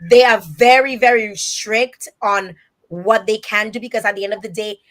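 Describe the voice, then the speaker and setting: A woman from Dominica hosting a live online interview, chatting warmly and reading viewer comments aloud with lively emphasis. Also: medium pitch, moderate pace. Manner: animated and emphatic, many restarts. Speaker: host.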